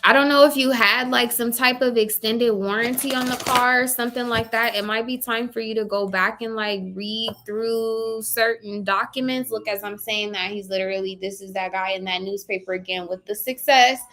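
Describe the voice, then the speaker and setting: A woman's voice: a little high, fairly even intonation, moderate pace, hardly any pauses, bright, forceful tone. A woman giving a casual live tarot reading, chatty and blunt, casually swearing and speaking to viewers by name. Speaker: tarot reader.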